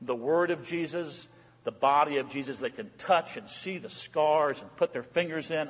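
A male pastor preaching an animated sermon, swinging between hushed asides and loud exclamations. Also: on the high side, normal speed, slightly rough. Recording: long hall reverb.

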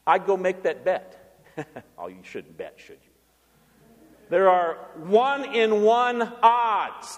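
A man preaching a sermon as pastor, asking the congregation questions and answering them himself, in a church. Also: high voice. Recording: long church reverb.

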